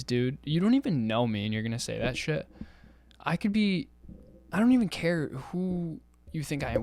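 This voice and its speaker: A man's voice: mid-range voice, gravelly. A young man hosting his own show, reading comments aloud in casual chat and getting heated, swearing bluntly. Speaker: podcast host.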